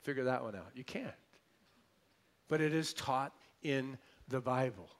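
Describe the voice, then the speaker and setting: A male pastor preaching a sermon emphatically, repeating phrases and swinging between loud declarations and soft asides. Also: medium pitch, animated, unhurried.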